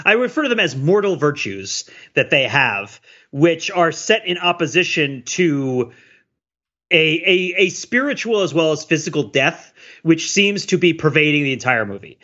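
A man's voice: fairly high pitch, a bit bright. A man in casual chat about a film, working jokily through a list he prepared. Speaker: podcast co-host. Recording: dull lo-fi sound.

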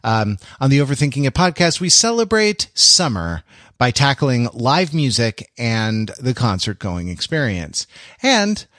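A man's voice: medium pitch, sing-song, measured pace, fairly bright tone, no room sound, studio quality. A man hosting a podcast in casual chat, rambling with many fillers and restarts. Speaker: podcast host.

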